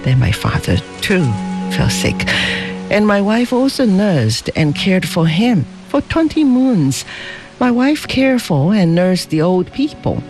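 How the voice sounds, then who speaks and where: A man's voice: high voice, slow, music in the background, pitched above the performer's own voice, heavily acted. A man voicing a dignified Chinese merchant father. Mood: earnest. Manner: calm, solemn, broken English at times. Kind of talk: storybook reading.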